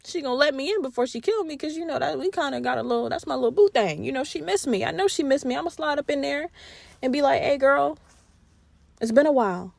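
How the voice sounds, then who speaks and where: A scheming young man with a low, hushed, coaxing voice, as a woman puts him on. He sweet-talks his old flame, sometimes dropping almost to a whisper, in a storytelling retelling. The sound is close and dry, with no room around it. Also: lively intonation, quick pace, vocal fry, no room sound.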